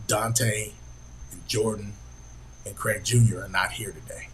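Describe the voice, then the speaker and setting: A middle-aged man hosting a podcast, telling a family story in an earnest, halting way with many pauses and fillers. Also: lowish voice, a little hiss or hum, low-quality recording. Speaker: podcast host. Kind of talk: personal storytelling.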